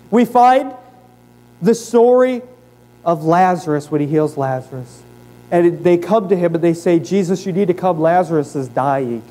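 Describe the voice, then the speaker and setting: A young man preaching a church sermon, starting low and earnest and building to loud, rising exhortation. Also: poor audio. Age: young adult. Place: church sanctuary.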